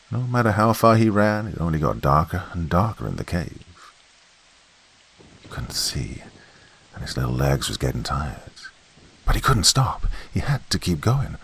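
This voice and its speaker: A man narrating a horror story in a folksy campfire manner, swinging between loud and hushed delivery. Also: sits low, slightly rough.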